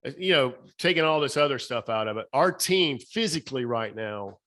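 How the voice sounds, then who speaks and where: A middle-aged man with a Southern accent, a speaker and author, appears as a podcast guest giving emphatic motivational talk and repeating key phrases. His mid-range voice is animated, a bit bright and slightly shaky, at a moderate pace.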